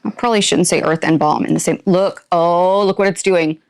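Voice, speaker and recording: A woman's voice: on the low side, fairly even intonation, a little fast. A woman reviewing products on her channel, chatting to viewers in a playful, put-on rural drawl as she unboxes. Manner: talks to viewers while opening items.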